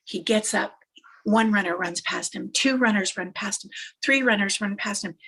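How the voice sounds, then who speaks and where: Her voice is mid-range and husky, and she talks at a normal speed. In this motivational storytelling she sounds animated and emphatic, circling back to the same phrases for effect.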